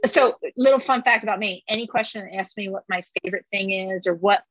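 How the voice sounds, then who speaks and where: A woman hosting a casual interview, chatty and quick to tell a story. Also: medium pitch, fairly bright tone, no room sound. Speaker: podcast host. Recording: dull muffled sound.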